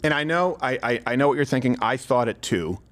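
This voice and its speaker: A man's voice: mid-range voice, expressive, a little fast, a bit bright. A man hosts a commentary segment in an emphatic, rhetorical voice. He speaks directly to his audience and presses each point home. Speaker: commentary host. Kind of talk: scripted political commentary.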